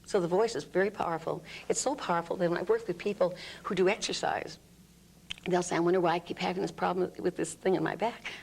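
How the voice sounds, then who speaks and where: A woman's voice: on the low side, fairly even intonation, fast, gravelly, darkish tone, slight background noise. A woman explaining an energy healing technique in an interview, demonstrating groans, sighs and vocal sounds as she talks. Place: room under studio lights.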